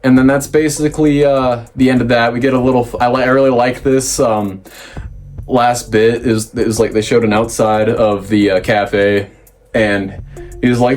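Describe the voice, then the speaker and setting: A man hosting a casual manga review, rambling with fillers and restarts and jumping up in pitch when he quotes characters. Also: moderate pace, faint music behind. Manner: lively, pitch jumps up when quoting characters. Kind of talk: casual recap commentary.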